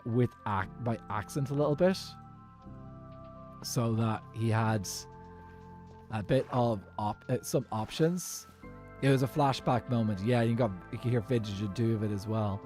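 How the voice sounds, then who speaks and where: A man with a Dublin Irish accent chatting casually while streaming a game, rambling and halting, with lots of fillers and restarts. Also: mid-range voice, warm tone, faint music behind. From Ireland.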